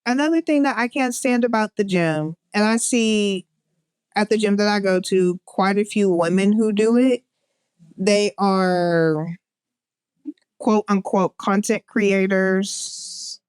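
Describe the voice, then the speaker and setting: A woman co-hosts a casual podcast chat. She speaks slowly, with a smooth, clear voice, close and dry. She tells stories in an animated way. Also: medium pitch, no room sound. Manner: animated storyteller, mimics gym noises. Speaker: podcast co-host.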